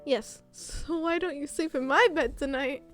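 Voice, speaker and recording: Calm, soothing young woman, as a female streamer reads her. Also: high-pitched, a little slow, soft background music. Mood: gentle. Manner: calm, reassuring. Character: calm gentle young woman, caring roommate. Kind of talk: visual novel read-aloud.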